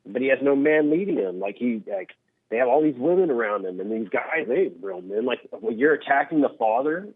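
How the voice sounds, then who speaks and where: A man's voice: medium pitch, expressive, a little fast, slightly rough. A male caller speaking casually and earnestly over the phone, with lots of filler words. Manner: casual, earnest, says like a lot. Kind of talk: call-in phone conversation. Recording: phone line.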